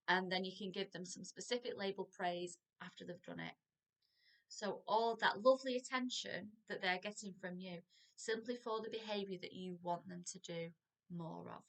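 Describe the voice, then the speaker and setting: A middle-aged woman teaches a parenting class in an animated, expressive way. Her voice is bright and clear, and she slips into quick acted examples of parents and children. Her pitch sits in the middle. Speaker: parenting practitioner. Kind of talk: recorded parenting lesson.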